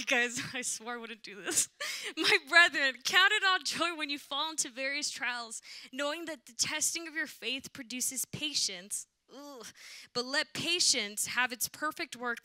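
A woman's voice: on the high side, bright, forceful tone, no room sound. A young woman preaching a casual, emotional sermon at a church service, with a slangy, conversational style.

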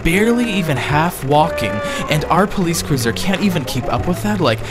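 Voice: medium pitch, animated, normal speed, close to an everyday voice. A performer voicing a sly, mocking male fox con artist. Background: loud music.

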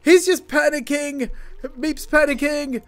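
A man commentating his first try at a game, panicking, laughing and yelling at his characters, then calming down to talk to viewers. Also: extremely high pitch, a little slow, no room sound, faint music behind. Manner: calmer, chatty sign-off to viewers. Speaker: gaming YouTuber. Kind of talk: let's play commentary.

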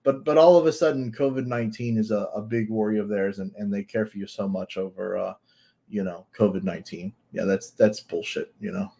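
Blunt, swearing man with a low voice. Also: a little fast, vocal fry, mellow. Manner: blunt and profane, piles up rhetorical questions. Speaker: commentator reacting to a video. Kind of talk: casual reaction commentary.

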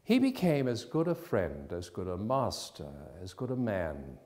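Expressive slow-paced male storyteller. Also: lowish voice. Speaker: actor and narrator. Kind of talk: theatrical storytelling narration.

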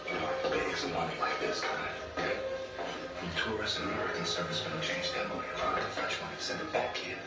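An actor playing an excited crook pitching a heist in a persuasive, eager way. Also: male voice, fast talker, close to an everyday voice. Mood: scheming. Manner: excited, persuasive, keeps saying beautiful. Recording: echoey distant film soundtrack with loud music.

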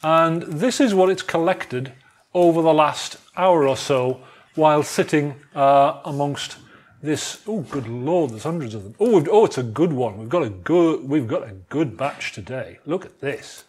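A man lecturing a student society on wifi security in a jovial, animated way, acting out phones calling for networks. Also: on the high side, measured pace, husky. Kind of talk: technical talk to a student society.

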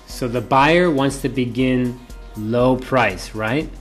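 A man lectures as a professor, voice at an ordinary pitch, with faint music in the background. He drives each point home by repeating it and by asking the class questions he then answers himself. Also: takes it slowly. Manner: repeats key points and asks rhetorical questions.

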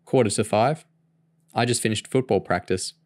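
A man's voice: lowish voice, normal speed, dry recording, close to an everyday voice. A man voicing a sporty, teasing teenage girl while reading a novel aloud. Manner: teasing, a touch sharp.

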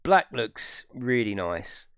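A man's voice: medium pitch, very animated, slow pace, fairly bright tone, clear, resonant tone, dry recording, clean studio sound. A young man casually chatting on a live stream, swearing freely and laughing often. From United Kingdom. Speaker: gaming streamer.

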